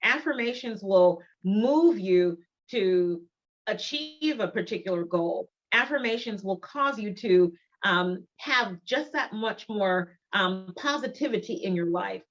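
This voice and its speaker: A middle-aged woman giving a motivational conference talk, emphatic and deliberate, repeating her key phrases. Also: medium pitch, expressive. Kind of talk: motivational presentation. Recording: dull lo-fi recording.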